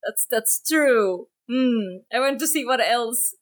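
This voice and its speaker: A woman player in a tabletop game, halting and hesitant as she works out her moves. Her voice sits a little high. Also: expressive. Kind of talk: tabletop role-play.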